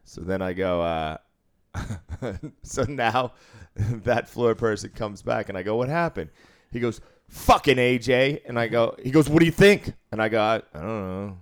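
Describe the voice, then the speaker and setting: A man's voice: on the low side, unhurried. A man who deals craps, telling a casual, profanity-laced story about work and laughing as he goes. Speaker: casino craps dealer.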